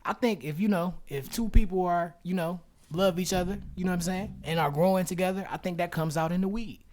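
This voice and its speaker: A man's voice: sits high, fairly quick, darkish tone. A man hosting a casual podcast, talking in a laid-back, slangy way full of "you know what I'm saying". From Michigan. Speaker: podcast host.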